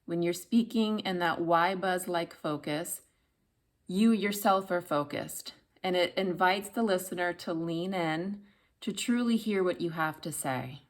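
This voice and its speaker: A woman's voice: fairly low pitch, a little slow. A woman voice coach giving an instructional talk, demonstrating hums and practice phrases between explanations.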